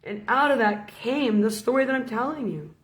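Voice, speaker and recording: A woman's voice: a little high, lively intonation, moderate pace. Brief: woman preacher, casual storytelling sermon, playful delivery; roomy, echoey recording. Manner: storytelling, playful, laughs between points. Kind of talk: informal sermon vlog.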